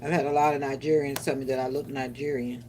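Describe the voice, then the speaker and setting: A woman's voice: a bass voice, little pitch movement, fast talker, noisy background. A woman vlogger with a Southern US country twang, chatting casually and rambling to viewers while busy with kitchen chores. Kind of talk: casual vlog chat while cooking.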